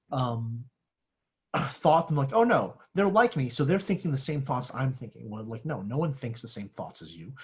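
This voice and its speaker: A man teaching a class in a casual lecture, full of fillers, often clearing his throat and correcting himself mid-sentence. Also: mid-range voice. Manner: self-correcting, searches for words. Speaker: instructor. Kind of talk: classroom lecture on giving feedback.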